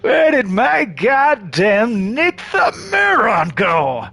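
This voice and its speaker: A man's voice: high-pitched, very animated, a little slow, a bit bright, breathy edge, full character voice. A man voicing a menacing, violent man who drags out snarling threats.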